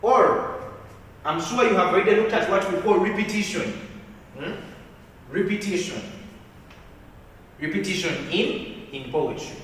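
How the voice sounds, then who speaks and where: A man's voice: sits high, measured pace, pauses often, a bit bright. A male literature teacher giving a lecture. He repeats his points and keeps checking in with "okay?" and "hmm?". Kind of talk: classroom lecture. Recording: echoey hall, distant mic, faint hiss.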